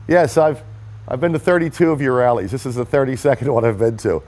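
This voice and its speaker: Speaking quickly in a mid-range, slightly mellow voice, this man gives an earnest, emphatic testimonial as a political rally supporter. It's a personal story told straight to the camera.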